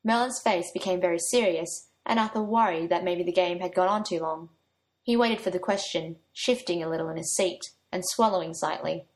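A woman's voice: fairly low pitch, moderate pace. A woman reading a story aloud, giving her own light touch to the young men's lines. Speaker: narrator.

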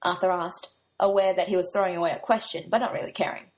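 A woman's voice: fairly low pitch, steady tone, quick pace. Woman narrating a story aloud.

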